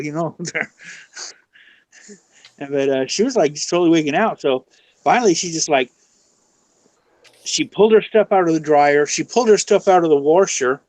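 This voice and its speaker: A man rambles through a story on a friend's live stream, full of "you know" and acted-out quotes. His voice sits a little high for a man, and it sounds dry and close with no room around it. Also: lively intonation, moderate pace, pauses often, a little mellow, no room sound, low-quality recording. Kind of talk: casual storytelling chat.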